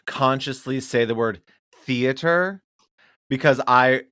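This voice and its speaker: A man co-hosting a casual podcast, telling animated stories, swearing freely and acting out what others said. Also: mid-range voice, moderate pace, no room sound, studio quality. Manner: animated storyteller who swears, acts out dialogue. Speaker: podcast co-host. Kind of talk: casual chat.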